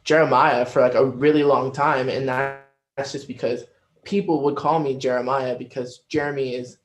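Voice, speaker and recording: A man's voice: medium pitch, little pitch movement, normal speed, reverberant. A man who is a guest on a casual podcast, rambling and chatty with lots of fillers.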